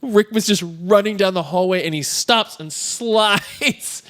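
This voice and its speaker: A man's voice: sits high, no room sound, studio quality. A man co-hosting a casual podcast, recapping a movie with lots of laughter and mock voices. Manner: animated, quick to laugh, slips into mock voices. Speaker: podcast co-host.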